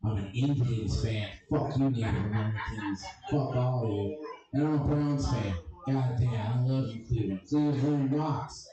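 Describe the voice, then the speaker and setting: A man's voice: mid-range voice, moderate pace, highs cut off. Crude stand-up man in an echoey room. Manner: crude, abrasive, self-deprecating jokes. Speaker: stand-up comedian. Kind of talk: stand-up comedy set. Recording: echoey room, distant mic, crowd audible.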